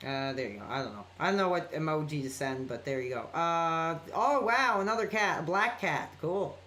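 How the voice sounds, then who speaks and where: A man's voice: fairly high pitch, animated, normal speed, pushed and bright, slight background noise. A man chatting casually on a late-night live stream, rambling and apologetic as he reacts to viewer messages.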